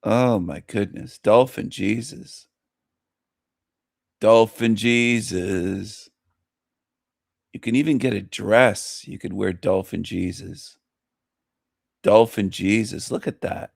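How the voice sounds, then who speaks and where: A man's voice: lowish voice, takes it slowly, gravelly, pauses often, dry recording, studio quality. A man hosting a casual livestream, repeating phrases in a gleeful, mocking way. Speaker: livestream host.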